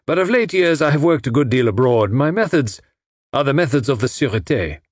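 A man reading an audiobook, voicing a self-important young man who plays at being a great detective, in a slightly husky voice. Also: medium pitch, sing-song, normal speed, a little mellow, no room sound, clean studio sound. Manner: self-important, theatrical, bossy. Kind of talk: audiobook character voice.

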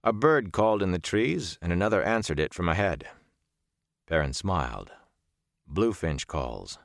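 A man narrates a fantasy novel in a steady, measured way. His voice sits very low. The close studio recording is dry, with no room sound. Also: creaky, dry recording. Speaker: audiobook narrator.

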